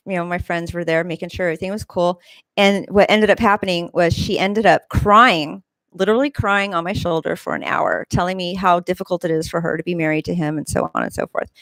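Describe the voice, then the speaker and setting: Woman host rambling along, lotsa ums and restarts, kinda low voice, dry close mic. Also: a bit bright, no room sound, poor audio. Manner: rambling, many fillers and restarts; mimics people in high squeals. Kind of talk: casual monologue.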